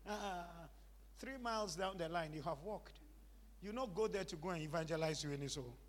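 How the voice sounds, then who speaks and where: A man's voice: sits high, normal speed, in a large hall. A man preaching a sermon, emphatic and repetitive, calling on the congregation to repeat after him.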